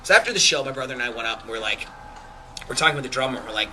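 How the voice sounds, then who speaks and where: A young man casually telling a rambling, animated anecdote, full of fillers and acted-out quotes. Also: mid-range voice, racing, a little hiss or hum, low-quality recording. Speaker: podcast storyteller.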